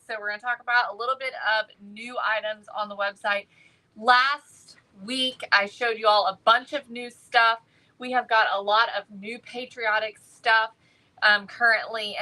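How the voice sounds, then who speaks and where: Woman, middle-aged, craft shop host, slow chatty delivery, bright tone. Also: medium pitch, low-quality recording. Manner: chatty, reads viewer comments aloud. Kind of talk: live-stream product showcase.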